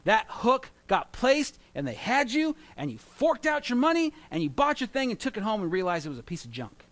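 A man in his thirties preaching a sermon, telling animated stories with jokes and mimicry. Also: high-pitched, fairly quick. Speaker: pastor.

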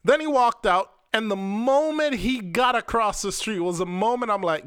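A young man with a bright, forward voice, a little higher than most men, recounts his own story on a podcast. His talk is candid and profane and loose with "like". The sound is dry and close, with no room to it. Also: normal speed, few pauses, clean tone, no room sound. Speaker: podcast host. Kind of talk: personal storytelling monologue.

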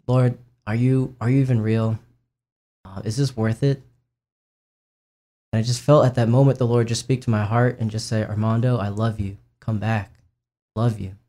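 A man's voice: mid-range voice, mellow. A young man sharing a personal faith testimony in a casual, earnest way, with frequent fillers and restarts. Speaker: speaker sharing his faith and vocation story.

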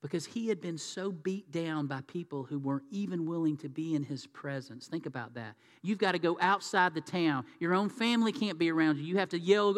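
A man's voice: fairly high pitch, moderate pace, hardly any pauses. A man preaching a sermon in a conversational, folksy way. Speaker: pastor. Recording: reverberant hall.

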